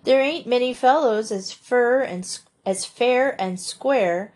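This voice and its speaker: A woman's voice: fairly high pitch, slow pace, darkish tone, pitched above the performer's own voice. An earnest, plain-spoken farm boy with folksy country speech, as a woman reads him. Her voice rises a little for him.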